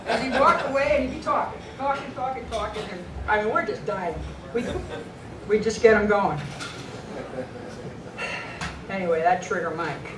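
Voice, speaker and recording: A woman's voice: medium pitch, moderate pace, long pauses. A middle-aged woman giving a memorial speech full of anecdotes about a late friend, often laughing as she tells them. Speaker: speaker honoring a late friend; women's pool tour board member. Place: banquet hall at a dinner. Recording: echoey distant hall recording with background noise.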